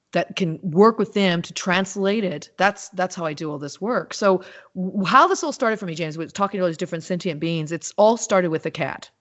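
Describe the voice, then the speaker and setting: A woman with a somewhat low voice talks as a podcast guest, rambling through lively anecdotes with plenty of restarts and fillers. The recording sounds muffled and lo-fi. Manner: animated storytelling with many restarts and fillers. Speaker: podcast guest, animal communicator. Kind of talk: casual interview talk. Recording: dull lo-fi sound.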